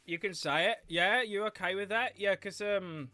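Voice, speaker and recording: A gaming streamer chatting casually to viewers in an animated way, laughing often, at a home desk mic. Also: medium pitch, moderate pace, no room sound, faint music behind. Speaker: gaming livestreamer. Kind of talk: casual livestream commentary.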